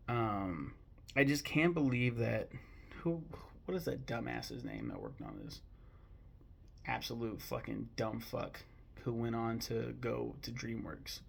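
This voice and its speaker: A young man from the United States talks through his film rankings in a loose, profane ramble. His middle-pitched voice has a gravelly fry running through it, and he keeps flaring into mock outrage before drifting back to a low, offhand mutter. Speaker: host ranking films. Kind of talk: casual opinion talk.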